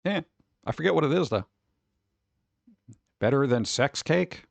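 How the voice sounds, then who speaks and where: A man's voice: mid-range voice, expressive, measured pace, creaky, no echo. A man streaming live, reading holidays aloud and cracking jokes in a casual, playful way. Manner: joking, playful, riffing.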